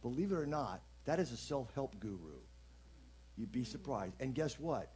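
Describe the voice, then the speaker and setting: Guy giving a fun gratitude message at church, jokey and animated, warm mellow tone. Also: medium pitch, normal speed. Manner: playful, animated, jokes with the audience. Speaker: inspirational speaker at a church service. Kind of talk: lively spoken message.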